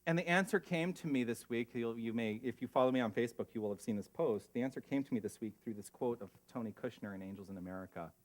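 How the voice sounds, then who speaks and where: A man preaching a sermon as spiritual leader, earnest and emotional, moving between hushed reflection and lively asides. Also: medium pitch, quick pace, few pauses. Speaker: pastor.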